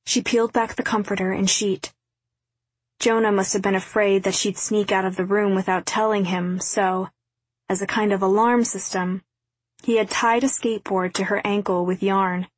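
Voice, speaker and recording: A woman reading a novel aloud as narrator, in a quiet, even storytelling delivery. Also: mid-range voice, moderate pace, no room sound. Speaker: audiobook narrator. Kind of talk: scripted narration.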